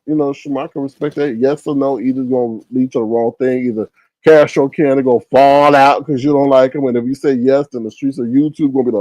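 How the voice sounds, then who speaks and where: A middle-aged man commentating on a livestream, telling a story with expressive, acted-out quotes. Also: medium pitch, brisk, no room sound, poor audio.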